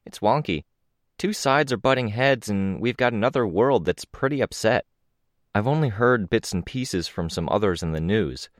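A man reading an audiobook, voicing a brisk, cheerful and bossy young woman hero in a quick, upbeat, matter-of-fact way. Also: lowish voice, lively intonation, no echo, studio quality, voice pushed up, lightly acted. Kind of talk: audiobook character voice.

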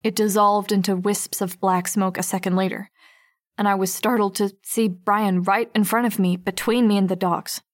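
A wary teenage girl, read by a woman, narrates her own story in an audiobook. The voice is mid-pitched and steady with an edge of tension. The recording is dry and close. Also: normal speed, no room sound, lightly acted. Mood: tense. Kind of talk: first-person audiobook narration.

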